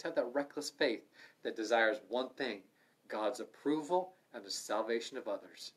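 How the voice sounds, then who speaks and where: Earnest and conversational, this middle-aged man leads a livestreamed Bible study at a brisk clip and medium pitch. His delivery moves from loud exhortation to quiet asides, captured through a livestream mic.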